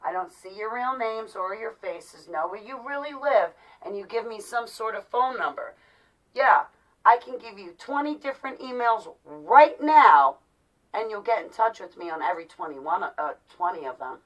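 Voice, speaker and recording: A woman's voice: mid-range voice, expressive, moderate pace, recorded from a distance, low-quality recording. A woman in her forties ranting to her viewers in an exasperated, repetitive, pleading way. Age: 40s. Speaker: vlogger. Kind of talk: heated monologue to viewers.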